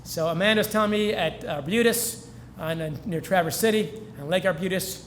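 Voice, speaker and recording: Guy with a high voice giving a heartfelt speech, kinda choked up, faint room noise. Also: moderate pace. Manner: earnest storytelling, gets choked up. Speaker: featured speaker. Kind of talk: speech at a celebration. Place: event hall.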